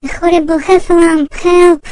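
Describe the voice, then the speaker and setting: A timid tiny piglet for a storybook, very high squeak, mellow and loud. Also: male voice, level tone, moderate pace, no echo, poor audio. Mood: panicked. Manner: panicky, high squeaky cries. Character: tiny timid male piglet, easily frightened. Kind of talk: storybook reading.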